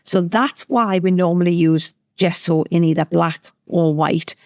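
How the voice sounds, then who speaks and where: A woman's voice: on the low side, a little slow, gravelly, a little mellow, no echo. A woman as a craft educator, chatty and enthusiastic, talking through a craft tutorial with frequent restarts.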